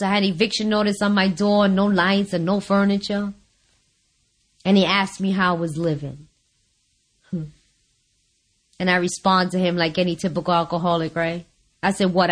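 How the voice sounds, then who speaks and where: A woman sharing her recovery story before an audience, candid and wry, often laughing at herself. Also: medium pitch. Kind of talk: personal testimony before an audience.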